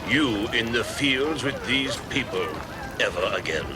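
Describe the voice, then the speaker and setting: A man's voice: mid-range voice, lively intonation, measured pace, lightly acted. An actor playing a stern, haughty man giving cold orders in a film scene. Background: loud music.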